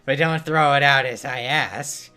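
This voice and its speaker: A man's voice: mid-range voice, unhurried, bright, forceful tone, clean tone, soft background music. A man voicing a pompous old male priest in a game, lofty and sermonizing.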